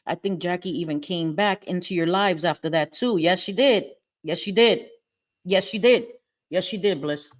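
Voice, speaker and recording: A woman's voice: on the low side, normal speed. A middle-aged woman hosting a livestream, angry and profane, repeating herself as she talks to her chat. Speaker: livestream host. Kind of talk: heated livestream rant. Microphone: webcam or phone.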